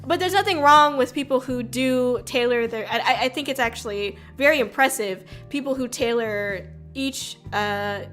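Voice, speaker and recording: A woman's voice: fairly high pitch, normal speed, hardly any pauses, fairly bright tone, faint music behind. A woman streamer talking in a casual, rambling way, full of fillers and restarts, with the odd swear word. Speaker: VTuber streamer. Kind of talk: casual chat.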